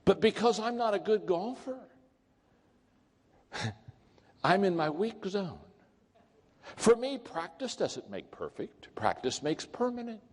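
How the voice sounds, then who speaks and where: A man giving a humorous motivational talk, telling jokes and acting out quotes in a higher voice. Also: sing-song, slow pace, pauses often, a little mellow. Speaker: speaker. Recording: long hall reverb.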